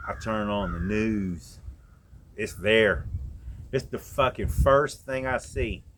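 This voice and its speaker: A man's voice: on the low side, slow, a bit bright, slight background noise. A man telling a story from his past in a blunt, profane, conversational way, speaking straight to his viewers. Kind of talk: casual spoken storytelling.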